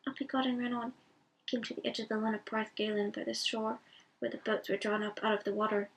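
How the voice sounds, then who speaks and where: A woman reading a bedtime story aloud in a calm, unhurried way. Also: on the high side, slightly rough. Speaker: reader. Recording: voice from a distance.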